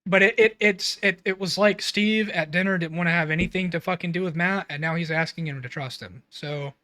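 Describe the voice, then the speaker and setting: A man's voice: sits high, a little fast, pushed and bright, no room sound. A man co-hosting a casual film review podcast, recapping scenes in a blunt, rambling way and swearing freely. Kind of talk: casual chat.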